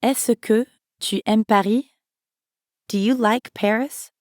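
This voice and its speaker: A woman co-hosts a language lesson at a slow, even pace. She speaks each phrase clearly and carefully for learners. The sound is close and dry. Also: a little high, no room sound. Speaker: language teacher. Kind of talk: scripted lesson narration.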